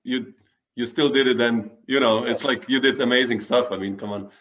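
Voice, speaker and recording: A man hosting an interview, offering quick, encouraging interjections over a video call. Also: medium pitch, steady tone, fairly bright tone. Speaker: interview host. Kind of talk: interview chat.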